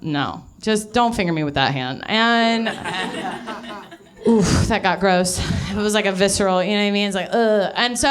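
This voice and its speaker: A young woman doing live stand-up, telling a rambling, self-mocking story full of swearing and laughter, a little out of breath. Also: mid-range voice. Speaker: stand-up comedian. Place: live comedy venue.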